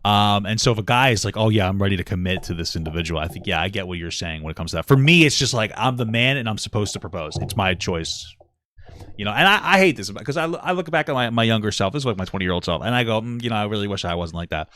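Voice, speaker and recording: A man in his thirties co-hosts a casual podcast chat, speaking fast in a lowish voice. He's blunt and profane, often laughs at himself, and swings animatedly in loudness.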